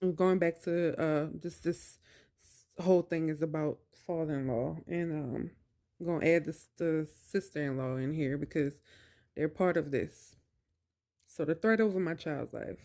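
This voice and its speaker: Slow, emphatic woman telling her story. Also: sits low, dark tone. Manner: emphatic, preachy, addresses viewers directly. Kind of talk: personal storytelling to camera.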